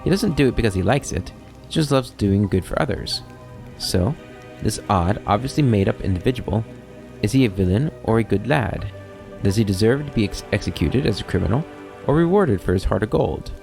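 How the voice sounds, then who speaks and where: A man's voice: fairly low pitch, expressive, brisk, gravelly, darkish tone, soft background music. A man voicing a sly, talkative male kobold schemer with a wry, rambling, mock-innocent manner.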